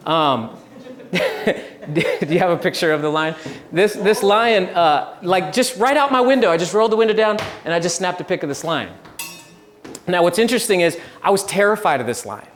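A young man giving a relaxed, chatty sermon, telling stories with laughs and restarts. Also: sits high, moderate pace, slight background noise. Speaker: pastor. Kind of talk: casual sermon with storytelling.

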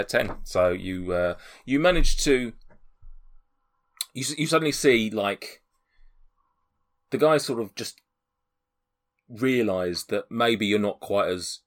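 Man as game master, hesitant, lots of fillers, lowish voice. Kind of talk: narrating a tabletop game.

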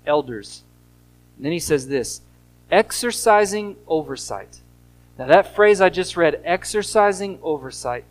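A man preaching a sermon as pastor, teaching earnestly and slowing down to stress key phrases. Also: on the high side, poor audio.

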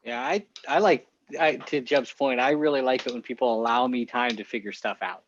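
A man's voice: mid-range voice, a little fast, muffled recording, a little hiss or hum. A man who coaches skiing, a podcast guest talking casually and thoughtfully, often restarting his phrases. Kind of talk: casual chat.

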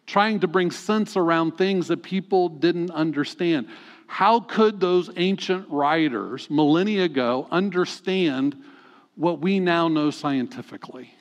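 In a large hall, a male pastor with a slightly high voice preaches conversationally, frequently posing rhetorical questions to the congregation.

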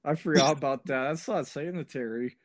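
A man hosting a podcast in casual chat, agreeable and quick to laugh loudly. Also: fairly high pitch, crowd noise. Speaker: podcast host.

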